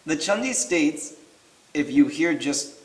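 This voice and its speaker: A man reading listeners' questions aloud to a teacher in a plain, steady way. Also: a little high, takes it slowly. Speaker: question reader. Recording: echoey room.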